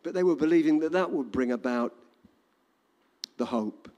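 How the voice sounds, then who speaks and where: A man's voice: a little high, lively intonation, normal speed, warm tone, in a large hall. An older man with an English accent preaching a sermon in an emphatic, repetitive cadence. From England.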